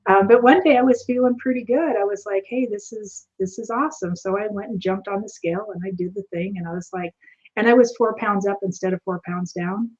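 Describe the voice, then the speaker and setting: A woman guest telling a personal story in an animated way, acting out the dialogue as she goes. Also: mid-range voice, a little fast, muffled recording. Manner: animated, acts out quoted dialogue. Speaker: returning guest.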